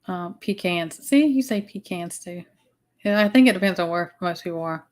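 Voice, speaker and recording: A livestream host from the Southern United States talks casually and rambles, often restarting and using fillers. Her voice is on the low side and a little mellow, at a normal speed.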